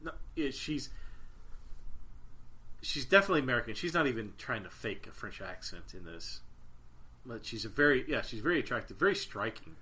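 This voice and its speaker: A man's voice: medium pitch, big pitch swings, a little fast, pauses often, pushed and bright. A man co-hosting a podcast in casual chat, teasing his partner and laughing easily. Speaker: podcast co-host.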